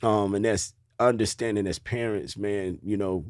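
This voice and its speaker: A low-pitched man hosts a casual podcast chat in a relaxed, unhurried way. He stretches out his phrases and keeps checking in with his guest. The recording is dry and close, with no room sound. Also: no echo. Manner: relaxed, drawn-out, peppers talk with "you know what I'm saying". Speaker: podcast host interviewing a father. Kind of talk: casual conversational interview.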